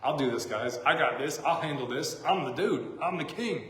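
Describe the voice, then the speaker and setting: A man's voice: a little high, animated, moderate pace, fairly bright tone. A man putting on the voice of a proud, swaggering king, bragging in a cocky tone, heard in an echoey church hall. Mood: boastful.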